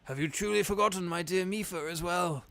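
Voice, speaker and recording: A man's voice: sits high, vocal fry, pushed and bright, no room sound, voice pushed up, heavily acted. A man doing King Dorephan, a pompous fish king. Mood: pleading. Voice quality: grand, drawn-out delivery with Trump-like rhythms. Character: pompous old male fish king, booming and formal. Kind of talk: voicing game dialogue aloud on a stream.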